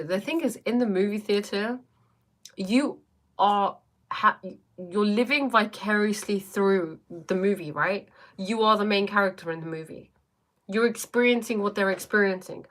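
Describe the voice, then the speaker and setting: A woman life coach in casual livestream chat, talking fast and thinking aloud as she answers viewers. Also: medium pitch, fairly bright tone.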